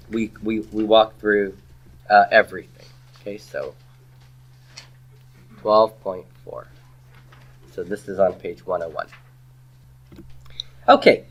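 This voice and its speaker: A man's voice: mid-range voice, fairly bright tone, lo-fi sound. A man giving a classroom grammar lecture, patient, asking the class questions and repeating their answers. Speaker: Hebrew grammar teacher.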